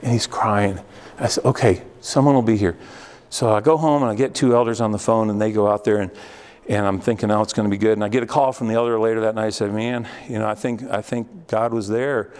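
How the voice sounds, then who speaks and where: A man's voice: on the low side, fairly even intonation, fast talker, a little mellow, in a large hall. A man preaching, telling a personal story that rises into fervent preaching. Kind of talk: testimony sermon.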